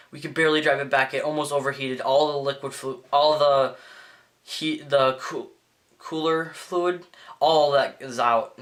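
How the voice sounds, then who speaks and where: A teenage boy vlogger telling a story in a rambling, excitable way, full of fillers and restarts. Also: medium pitch. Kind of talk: casual storytelling vlog.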